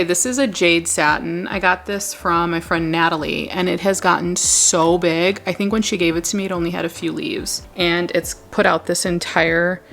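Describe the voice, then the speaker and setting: Young woman chatting on a handheld camera, gushy and excited, lower pitch, lots of vocal fry. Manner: gushing, chatty, drops to a whisper at times. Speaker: plant vlogger. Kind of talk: casual houseplant tour. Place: home room with plant shelves.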